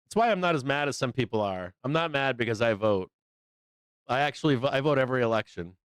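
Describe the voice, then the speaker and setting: A middle-aged man ranting off the cuff on his live trading stream, swearing freely and breaking into laughs. His voice is smooth and resonant, recorded close and dry with no room sound. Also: medium pitch, lively intonation, fast talker, no echo. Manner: blunt, profane, laughs often. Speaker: live trading show host. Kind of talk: casual livestream chat.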